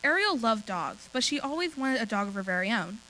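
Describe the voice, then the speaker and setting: Lively woman reading a story aloud. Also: a little high, brisk, slight background noise, rough recording. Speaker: talent show performer.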